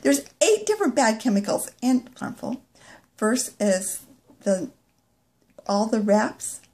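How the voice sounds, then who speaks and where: A middle-aged woman, a nail product consultant, giving a chatty product demo and dropping into soft asides. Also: medium pitch.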